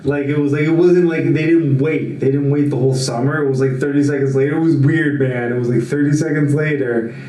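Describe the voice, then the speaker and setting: A man hosting a show, telling a story in casual chat, unhurried and full of fillers. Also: fairly high pitch, fairly even intonation, warm tone, roomy sound, distant mic, poor audio. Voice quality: slow storytelling with many fillers. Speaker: show host.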